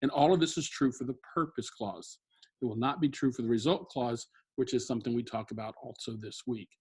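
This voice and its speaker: A man teaching Latin grammar in a recorded screen-share lesson, explaining in a relaxed way with fillers and self-corrections. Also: medium pitch, a little fast, slightly rough.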